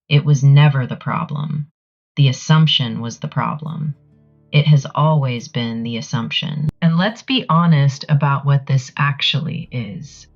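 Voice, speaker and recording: A woman's voice: extremely low pitch, muffled recording. A woman with a Southern US accent giving a sassy, emphatic commentary monologue to camera. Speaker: channel creator.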